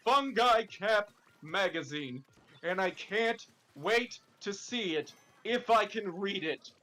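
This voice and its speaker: Luigi, a man doing a bright, high, giddy voice. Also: expressive, slow, full character voice. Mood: flustered. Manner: eager, stumbling over words. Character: excitable, clumsy young male plumber hero. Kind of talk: casual fan-fiction table read.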